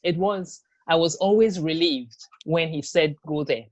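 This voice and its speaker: A woman telling her own story in an interview, speaking haltingly with many fillers and restarts. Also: deep voice, darkish tone, dull audio. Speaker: interview guest. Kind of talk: personal testimony in an interview.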